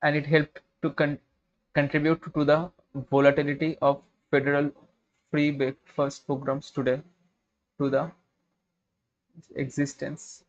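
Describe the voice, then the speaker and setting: A man, an exam prep tutor reading test questions aloud and working through them, halting and repeating words as he thinks. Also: a little high, monotone. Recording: dull lo-fi livestream audio.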